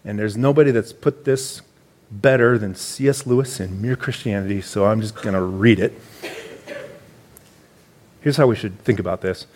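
Speaking in a lowish, husky voice, a church elder preaches, explaining things conversationally and driving points home with animated emphasis.

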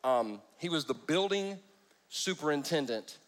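A man's voice: a little high, lively intonation, unhurried. A man preaching a sermon in church, joking and breaking off his own sentences. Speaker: pastor.

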